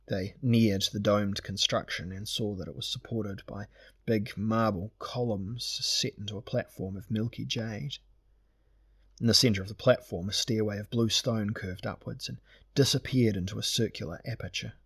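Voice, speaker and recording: Man, audiobook narrator, steady measured reading, low voice, husky. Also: dry recording. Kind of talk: scripted fantasy narration.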